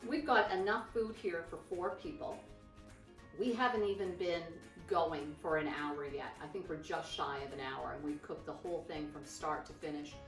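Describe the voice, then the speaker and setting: A woman's voice: deep voice, moderate pace, roomy sound, distant mic, soft background music. A woman hosting a cooking show, chatting her way through plating a meal and praising how it looks. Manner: chatty, warmly enthusiastic, repeats "nice" and "beautiful". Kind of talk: cooking demonstration. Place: kitchen.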